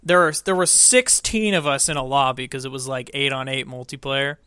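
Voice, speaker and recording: Animated, bright-voiced young man. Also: medium pitch, brisk, clean tone, no room sound, studio quality. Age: young adult. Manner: profane, animated storyteller. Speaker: podcast co-host. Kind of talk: casual chat.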